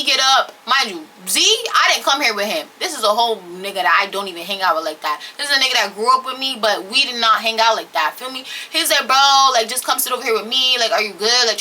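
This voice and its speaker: Bright, blunt young woman storyteller. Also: medium pitch, slight background noise. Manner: blunt, profane, animated retelling. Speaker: storytelling vlogger. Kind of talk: casual storytime.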